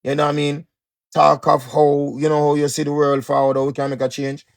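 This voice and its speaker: Male speaker, Jamaican Patois, gravelly voice, preachy motivational monologue, emphatic and repetitive. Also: a little high, completely flat delivery, brisk. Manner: emphatic, repetitive, swings loud and soft.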